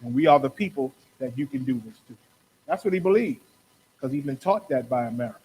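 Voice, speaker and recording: A man's voice: medium pitch, expressive, fast, dark tone, rough recording. A man hosting a talk show, giving impassioned, preachy religious commentary and acting out quotes. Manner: preachy, rhetorical, acts out quotes. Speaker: podcast host.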